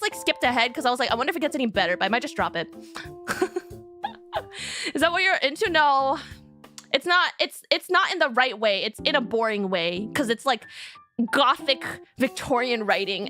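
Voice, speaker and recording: A woman's voice: sits high, animated, fast talker, sharp tone, faint music behind. A young woman streamer chatting casually with her viewers, rambling and giggly with lots of fillers.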